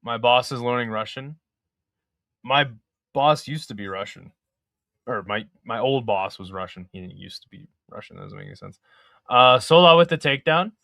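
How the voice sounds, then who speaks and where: A young man calls a fight live as a casual companion host, trading chat with viewers and swearing when the action heats up. His voice is bright and forceful. It sits close and dry on the mic, with no room around it. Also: mid-range voice, lively intonation, normal speed, creaky, pauses often, no room sound. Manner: chatty, swears, reads chat aloud.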